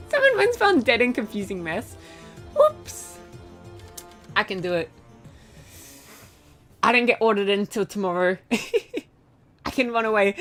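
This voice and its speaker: A young woman with a fairly high, very lively voice streams a game and chats with her viewers. She giggles constantly and takes her time between thoughts. Soft music plays faintly behind her. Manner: giggly, talks to chat. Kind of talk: live gameplay commentary. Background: soft background music.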